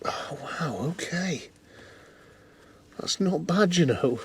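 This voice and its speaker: A man's voice: on the high side, darkish tone, breathy edge. Man muttering wry car commentary. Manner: chatty, wry, muttering to himself. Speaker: vlog host. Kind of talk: casual running commentary to camera. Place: inside an old car in a scrapyard, cold.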